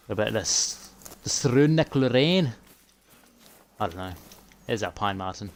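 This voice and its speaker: A man live streaming a hunting game, chatting casually and often dropping to a quiet mutter. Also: deep voice, little pitch movement, a little fast, creaky. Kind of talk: casual gameplay commentary.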